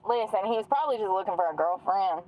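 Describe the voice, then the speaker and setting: A talkative woman with a drawl tells a long, rambling story, acting out what other people said to her in quick quoted snatches. She curses freely and laughs often as she talks. Her voice sits at an everyday middle pitch. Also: animated, highs cut off. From North Carolina. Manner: chatty, laughing, profane, quotes others in dialogue. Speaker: streamer telling stories.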